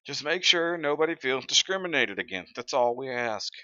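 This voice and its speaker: A man's voice: medium pitch, sing-song, moderate pace, bright, forceful tone, no room sound. A man hosting a casual live stream, chatting and joking as he reads comments aloud into a desk mic. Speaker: livestream host. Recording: dry, dull lo-fi sound.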